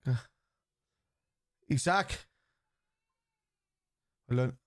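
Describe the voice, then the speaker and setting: An Irish man hosts a live football watchalong, bluntly arguing with his chat, swearing freely and shouting at chances. His voice sits in the mid-range and he speaks very slowly.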